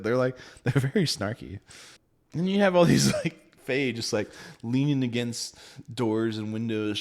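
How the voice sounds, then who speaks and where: A man casually reviewing a book, animated and laughing often, with the odd swear word. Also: medium pitch.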